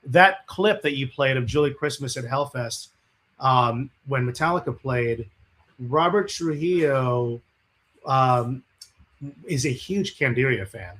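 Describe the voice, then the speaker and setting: A man's voice: mid-range voice, slow. A man being interviewed as a guest musician, telling stories casually with lots of swearing and acted-out quotes. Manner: animated, profane, acts out the quotes in his stories.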